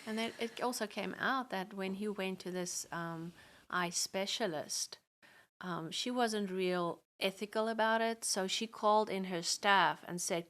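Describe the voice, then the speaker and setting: A woman, a guest, telling a personal family story in conversation, animated and acting out what others said. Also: medium pitch, unhurried.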